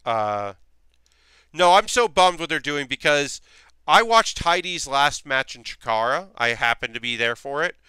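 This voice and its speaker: Brief: male streamer, bright tense voice, rambly casual chat from a home workshop. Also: fairly high pitch, lively intonation, unhurried, smooth, no echo, studio quality. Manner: rambling, chatty, many fillers. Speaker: streamer building costume armor.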